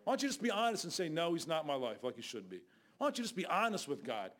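An older man preaching a fiery Bible sermon as a guest preacher, scolding loudly and then dropping to low asides. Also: big pitch swings, quick pace. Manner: loud, scolding, shifts between shouting and low asides.

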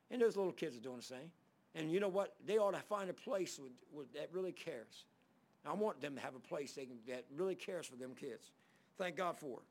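A male pastor delivers a folksy sermon in a gravelly, slightly raised voice. He reads scripture aloud between homespun stories. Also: on the high side, animated, fast talker.

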